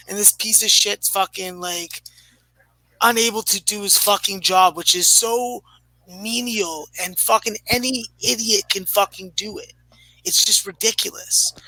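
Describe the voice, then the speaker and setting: A man's voice: high voice, unhurried, pushed and bright, dry recording, rough recording. A man in his thirties ranting profanely in a casual podcast chat. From Canada. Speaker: podcast regular.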